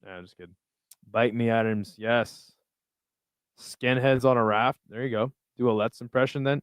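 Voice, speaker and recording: A man's voice: mid-range voice, fairly even intonation, moderate pace, smooth, dry recording, clean studio sound. A man hosting a casual live chat, reading and reacting to viewer messages in a loose, laid-back way with plenty of swearing. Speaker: livestream host reading chat.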